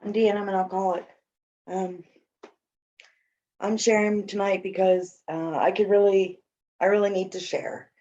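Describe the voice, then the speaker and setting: A woman sharing personally at a recovery meeting, talking haltingly with many fillers and restarts. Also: mid-range voice, steady tone, dark tone, highs cut off.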